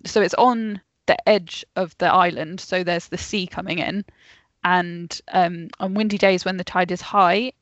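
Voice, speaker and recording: A woman's voice: fairly low pitch, dry recording. A woman co-hosting a casual podcast, telling a true story to friends and often breaking into giggles. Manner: giggly, easily sidetracked storyteller. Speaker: podcast co-host. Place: home, remote call. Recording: dull, dry lo-fi mic.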